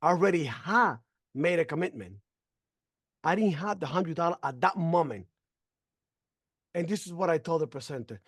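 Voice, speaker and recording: Animated man telling his testimony. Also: on the high side, normal speed, pauses often, husky, no room sound, clean studio sound. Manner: animated, acting out conversations, stumbling fillers; emotional, faith-filled. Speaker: member sharing a testimonial. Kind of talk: personal testimony storytelling.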